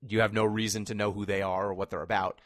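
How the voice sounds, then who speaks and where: A man's voice: lowish voice, flat delivery, fast talker, dry recording, clean studio sound. A man co-hosting a casual podcast chat, explaining things at length with wry asides. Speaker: podcast co-host.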